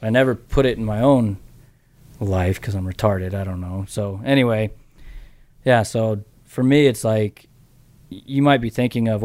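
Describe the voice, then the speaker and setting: A man's voice: on the low side, normal speed, darkish tone, no echo. A middle-aged man as a podcast guest, rambling with many restarts and casual swearing as he tells his story. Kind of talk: casual interview chat.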